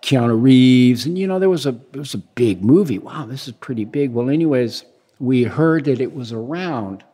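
A man in his sixties from the United States, telling stories as a guest in a relaxed, rambling way and acting out the dialogue he quotes. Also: mid-range voice, moderate pace, slightly rough. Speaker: guest, big-wave surfer. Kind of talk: casual storytelling interview.

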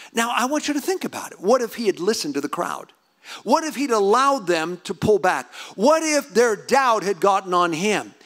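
A man preaching a sermon in a high voice that swoops up and down. He presses into fervent, near-shouted emphasis as he exhorts his congregation. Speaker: pastor.

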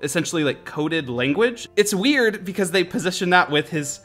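Bright, higher-pitched man co-hosting a podcast. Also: animated, normal speed, faint music behind. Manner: thoughtful, searching for words, light laughs. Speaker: podcast co-host. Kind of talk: casual podcast discussion.

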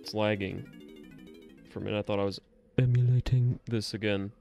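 A man giving casual live commentary as he plays a game, reacting out loud, swearing freely and talking back to the game. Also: lowish voice, steady tone, fairly quick, vocal fry, highs cut off, soft background music. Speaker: streamer.

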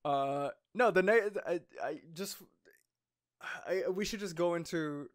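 A man's voice: on the high side, takes it slowly. Enthusiastic young man with many fillers. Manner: enthusiastic, filler-heavy, laughs often. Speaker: podcast co-host. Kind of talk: casual chat.

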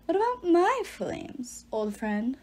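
A woman voicing an ancient, commanding goddess of magic who speaks softly and lyrically. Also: medium pitch, animated, normal speed, natural voice. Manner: soft and lyrical.

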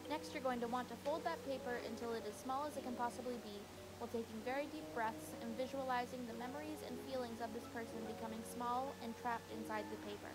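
A woman reading a scripted spell tutorial voice-over in a steady, instructional way. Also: a little high, fast talker, few pauses, low-quality recording. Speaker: short-video creator explaining a spell. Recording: voice-over under loud music.

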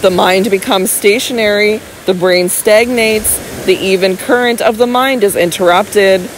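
A woman's voice: medium pitch, a little slow, a little hiss or hum, lightly acted, poor audio. A woman voicing a young lady who argues her case earnestly and coaxes her husband tenderly. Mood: insistent. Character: scheming young lady, frightened yet persuasive.

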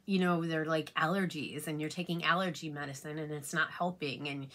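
A woman's voice: deep voice, fairly even intonation, brisk, pushed and bright. A woman beauty vlogger chatting casually while doing her makeup, rambling and confiding as she talks. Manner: rambling and confiding, many fillers like "you know what I mean".

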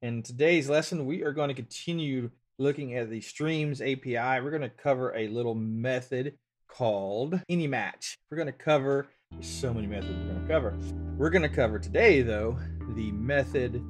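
A Louisiana man with a Southern drawl hosts a casual screen-share coding lesson, talking in an easygoing, chatty way and poking fun at himself. His mid-range voice moves at a moderate pace over music.

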